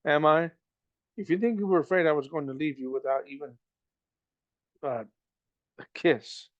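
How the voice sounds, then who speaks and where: A man voicing a cocky, gruff smuggler who teases and scolds in a storybook reading. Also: fairly high pitch, normal speed, dull audio, lightly acted. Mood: teasing. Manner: gruff, stern, teasing. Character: cocky roguish male smuggler, gruff and teasing.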